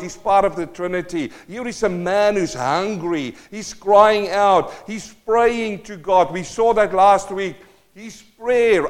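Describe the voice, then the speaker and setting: A man preaching a sermon in a church, impassioned and swinging between loud exhortation and quiet pleading, firing rhetorical questions at the congregation. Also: high-pitched.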